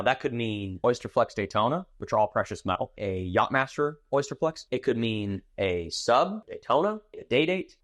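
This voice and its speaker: A man's voice: medium pitch, fairly bright tone. A man from Texas hosting a casual product showcase as a watch dealer, chatty and enthusiastic as he rambles about a piece. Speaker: watch dealer and show host.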